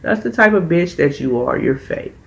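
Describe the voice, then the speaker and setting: A man's voice: a little high, lively intonation, normal speed, vocal fry, fairly bright tone, poor audio. A man reviewing a reality TV episode in a casual, blunt and profane way, heated in his opinions. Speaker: TV show reviewer.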